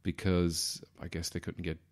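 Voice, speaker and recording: A man's voice: low voice, monotone, normal speed, a little mellow. A man hosting a comedy podcast, talking in a wry, self-deprecating, digressive monologue. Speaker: podcast host.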